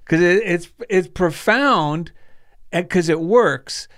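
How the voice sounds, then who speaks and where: High, smooth-voiced earnest man. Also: slow pace, fairly bright tone. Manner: earnest, encouraging, explains by retelling stories. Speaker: co-host. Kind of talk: casual chat.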